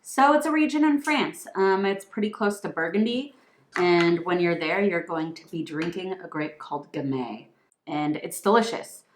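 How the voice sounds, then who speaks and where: Low-voiced woman explaining wine, echoey room. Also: lively intonation, moderate pace. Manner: informative, explains wine regions and makers. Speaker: co-host, wine shop worker. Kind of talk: casual wine tasting chat.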